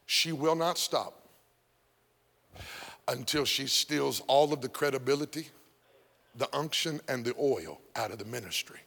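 A male pastor preaching a sermon, breaking into shouts and sung phrases, then dropping to a hush. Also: mid-range voice, a little slow, gravelly, pauses often, big-room sound. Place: church sanctuary.

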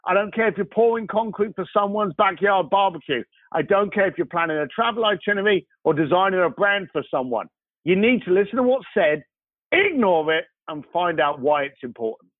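A man with a high voice speaks a little fast and animatedly, acting out dialogue as he tells stories as an interview guest. He owns a concierge business. The line sounds tinny and phone-like, dry with no echo.

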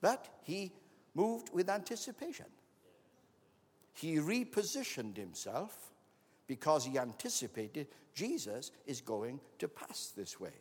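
Preacher with dramatic storytelling. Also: male voice, on the high side, very animated, takes it slowly, husky. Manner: dramatic storytelling, acting out voices, building to shouts. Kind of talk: sermon. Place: auditorium. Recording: long hall reverb.

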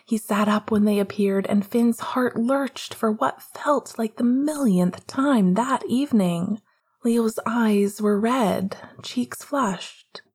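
A woman narrating a novel in a soft, quiet reading voice. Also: a little high, slow, breathy edge. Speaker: audiobook narrator. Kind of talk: scripted narration.

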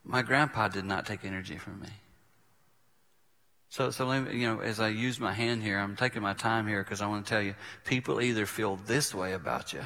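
An older man, a preacher, telling a personal story in a sermon and acting out the voices in it, sometimes dropping to a hush. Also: lowish voice, steady tone, a little fast. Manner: vivid storyteller who acts out quoted voices. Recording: reverberant hall.

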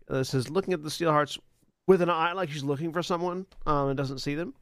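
A man narrating a tabletop game as dungeon master, casual and halting with many fillers. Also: a little high, a bit bright, no echo, clean studio sound.

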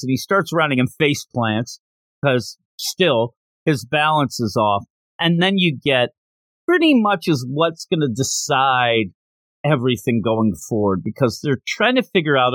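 A man talks through a manga chapter in a casual podcast recap. His pitch swings widely as he gets animated and drops briefly into character voices. The recording is dry, close and free of room sound. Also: no echo. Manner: animated retelling, jumping into quick character voices. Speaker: podcast host.

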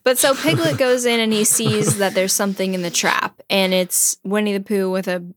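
Podcast co-host woman, animated giggly storyteller, mid pitch, dry close sound. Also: moderate pace, dry recording. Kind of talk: casual chat, retelling a story.

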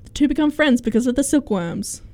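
A young woman co-hosting a casual book chat, reading reviews aloud with quick asides. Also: sits high, expressive, darkish tone, dry recording.

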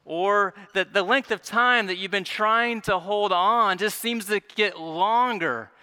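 Male pastor, higher voice with a bright edge, earnest sermon delivery that dips soft and swells. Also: slow, smooth. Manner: earnest, stumbling repetitions, drops soft then rises.

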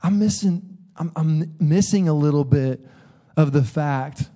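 Warm-voiced pastor preaching with playful energy. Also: male voice, on the high side, unhurried. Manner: storytelling with laughs and bursts of emphasis. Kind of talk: sermon. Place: church sanctuary.

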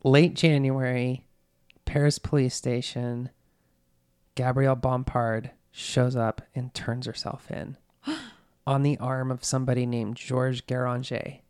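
A man's voice: medium pitch, unhurried, smooth. Man casually retelling a true crime case. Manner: animated retelling with acted-out quotes. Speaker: podcast host telling a true crime story. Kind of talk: casual storytelling chat.

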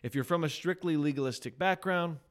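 A man co-hosting a casual podcast, chatting and reading a story aloud, quick to laugh at himself. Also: on the high side. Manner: chatty, laughs at himself, reads quotes with emphasis. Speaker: podcast co-host.

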